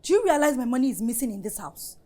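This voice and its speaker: An actress with a Nigerian accent playing a loud, accusing young woman in a Nollywood film. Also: fairly high pitch, very animated, fast. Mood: suspicious.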